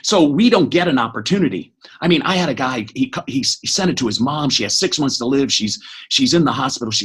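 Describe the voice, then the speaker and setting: Middle-aged guy on a podcast, husky voice, fast and pumped up, keeps restarting his sentences. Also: medium pitch. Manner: energetic, fast, with many restarts. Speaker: podcast guest. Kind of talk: motivational talk.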